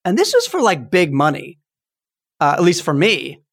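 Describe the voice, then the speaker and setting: Man in his fifties, podcast host, lively storyteller, slightly high pitch. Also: normal speed. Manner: animated storytelling, acts out toy sounds. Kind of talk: casual chat.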